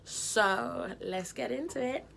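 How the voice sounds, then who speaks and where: A woman's voice: mid-range voice, animated, slow pace, gravelly, a bit bright, slight background noise. A woman in a candid, chatty vlog to camera, talking frankly and expressively from indoors at home. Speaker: vlogger. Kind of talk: candid casual chat to camera.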